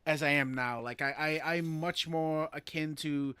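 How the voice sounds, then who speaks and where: Male streamer in his thirties, bright, slightly high voice, rambly and excitable. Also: unhurried, smooth, no room sound. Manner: rambling, excitable, swears, many fillers. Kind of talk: casual gaming stream chat.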